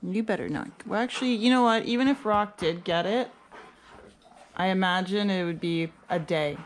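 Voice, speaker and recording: Dog-owner woman, casual home vlog, middle-pitched voice, noisy kitchen audio. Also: normal speed. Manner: coaxing pet talk, rising high when calling the dogs. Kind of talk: casual home vlog, talking to her dogs. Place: home kitchen with dogs around.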